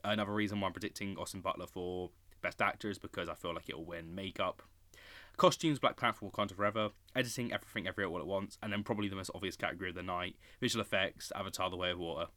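A young man giving opinionated live reaction commentary on an awards show, excitable and prone to loud outbursts. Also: low-pitched, very fast, dry recording.

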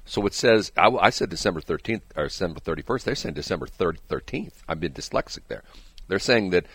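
A low-pitched male radio host banters jokingly and mocks himself. His pitch rises and falls a lot as he tells stories. The studio sound is dry and close. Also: animated, brisk, a bit bright, breathy edge, no echo. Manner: jokey, self-mocking, laughs often. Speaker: radio morning show host.

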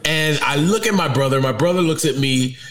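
A man telling a childhood story in casual chat, animated and laughing, protesting indignantly when challenged. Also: on the high side, a little fast, poor audio. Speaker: storyteller guest.

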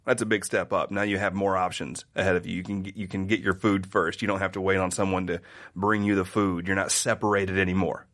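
Man, from the Midwest, interview guest, animated storytelling, lower voice. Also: brisk. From American Midwest. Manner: animated storyteller who acts out quoted voices. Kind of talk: casual conversation.

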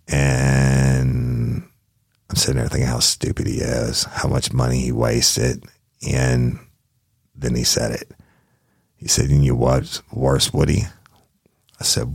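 A man's voice: a bass voice, vocal fry, husky, dry recording, clean studio sound. A man, a private investigator, telling a casual anecdote in a blunt, profane way and acting out the dialogue with emphasis.

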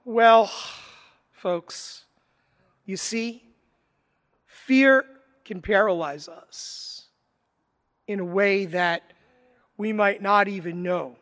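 A priest delivers his homily in a slow, deliberate way, building stories with dramatic pauses and sudden swells. His voice sits high for a man. The sound rings out with the long reverb of a large church. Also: a bit bright. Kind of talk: sermon with told anecdotes.

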